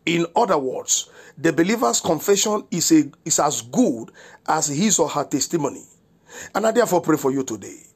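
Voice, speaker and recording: A man preaching a devotional broadcast, with earnest rhetorical questions and a steady sermon delivery. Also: a little high, moderate pace, husky.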